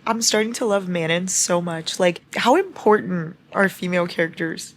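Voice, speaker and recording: A young woman chatting casually at home about books she is reading, gushing and excitable and swearing freely. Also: on the low side, normal speed, slight background noise. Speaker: book vlogger. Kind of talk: casual chat. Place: at home, cozied up in a blanket.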